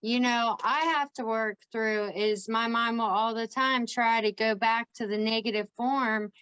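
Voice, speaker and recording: A woman's voice: a little high, steady tone, fairly bright tone, clean tone. Laughing woman host, dull lo-fi sound. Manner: laughs often, quick agreeing replies. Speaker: podcast host. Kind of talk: casual interview chat.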